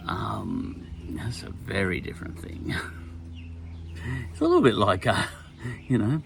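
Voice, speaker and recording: A man's voice: lowish voice, huge pitch swings, slow pace, gravelly, long pauses, slight background noise. An Australian man in his sixties, talking casually in a rambling podcast monologue, full of wry asides and chuckles. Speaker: podcast host.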